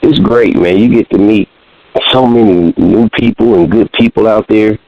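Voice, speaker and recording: A man being interviewed about his comedy career, speaking in a relaxed, halting way with many fillers. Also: on the low side. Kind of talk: casual interview. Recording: dull lo-fi radio sound.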